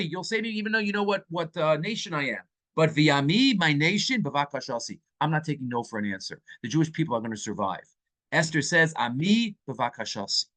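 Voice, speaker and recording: A man teaching a Torah class as a rabbi. He speaks animatedly and sprinkles Hebrew and Yiddish terms into his English. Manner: animated, acts out quoted speakers with swings in pitch.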